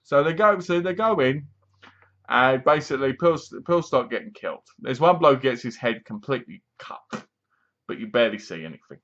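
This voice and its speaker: A man's voice: mid-range voice, lively intonation, fairly quick, a bit bright, muffled recording. A man giving a rambling, scornful horror film review, often mimicking the characters. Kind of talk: casual ranting movie review.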